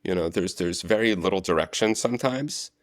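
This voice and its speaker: A man telling set stories as a guest, relaxed and chatty in a casual interview. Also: sits low, brisk, no room sound, studio quality. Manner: animated storyteller, relaxed and chatty. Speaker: guest, actor and stunt coordinator.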